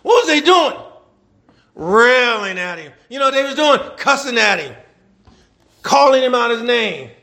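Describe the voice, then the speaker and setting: A middle-aged preacher man with a very high, gravelly voice. He talks in a folksy, animated way, firing rhetorical questions at the congregation. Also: unhurried, long pauses. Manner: folksy dialect, laughs between points. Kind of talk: sermon.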